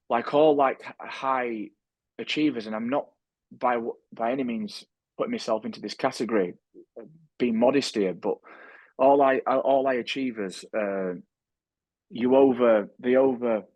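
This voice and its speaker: A man with a mid-range voice talks reflectively as a podcast guest and author, speaking earnestly and frequently restarting his sentences. There is no echo.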